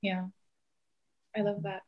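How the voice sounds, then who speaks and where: A woman's voice: mid-range voice, completely flat delivery, slow, highs cut off. A woman with a Jamaican accent hosting a casual podcast chat, laughing often and slipping into patois. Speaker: podcast host.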